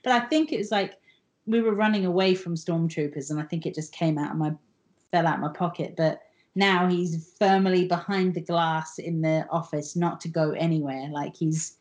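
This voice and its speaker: A woman's voice: lowish voice, moderate pace. A woman guest on a podcast, telling stories animatedly, acting out quotes and swearing casually. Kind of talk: casual storytelling.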